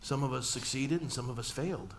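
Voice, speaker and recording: A man's voice: medium pitch, brisk, slight background noise. Man preaching a personal story. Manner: storytelling, acting out family dialogue with humor. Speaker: pastor. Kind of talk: sermon. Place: church sanctuary.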